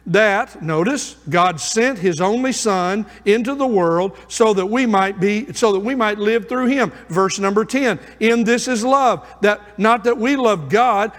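Fervent high-voiced male preacher, reverberant hall. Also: fairly bright tone. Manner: fervent, repeats phrases for emphasis. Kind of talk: sermon. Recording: long reverb of a large hall.

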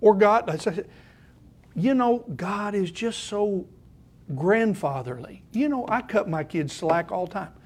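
A man's voice: high voice, animated, unhurried, a little mellow. An older man preaching a sermon, shifting from conversational asides to emphatic scripture reading. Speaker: pastor.

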